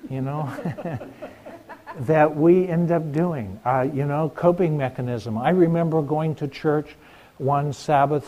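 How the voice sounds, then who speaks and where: A man's voice: on the high side, mellow. A middle-aged man preaching a sermon in a conversational way, asking the congregation questions.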